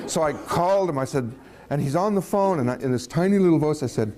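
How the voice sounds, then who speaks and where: A man telling a personal story in a casual, animated way, chuckling as he goes and acting out the voices of the people he quotes. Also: a little high, fast.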